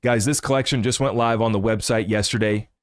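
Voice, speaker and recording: A man hosting a crypto channel, chatting casually and excitedly with rambling asides and laughs. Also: lowish voice, fairly quick, dry recording, studio quality. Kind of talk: casual livestream commentary.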